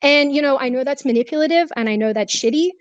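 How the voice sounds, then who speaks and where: A woman's voice: high voice, quick pace, no echo, muffled recording. A woman talking candidly and emotionally as a guest, laughing now and then, stressed and short of breath. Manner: emotional, confessional, laughs often. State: stressed, out of breath while walking. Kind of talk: candid conversation. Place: walking, then sitting, on a remote call.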